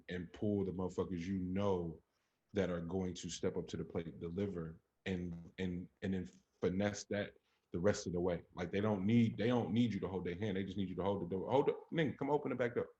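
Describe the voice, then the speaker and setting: A man with a very deep voice holds forth in relaxed podcast chat. He talks with blunt conviction, lacing his points with profanity and climbing in energy when he presses an argument. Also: moderate pace, muffled recording, a little hiss or hum. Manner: emphatic, profane, builds up to animated peaks. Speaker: podcast co-host. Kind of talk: casual chat.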